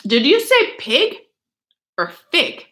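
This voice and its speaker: A woman voicing a sly, teasing male cat in a storybook reading, drawing out the words slowly. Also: high-pitched, wildly swooping pitch, noisy background, pitched above the performer's own voice, full character voice.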